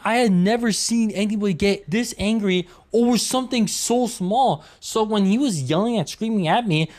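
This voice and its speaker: A man's voice: sits high, a little mellow. A young man telling a story from his retail job in an exasperated, ranting way. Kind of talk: storytime commentary.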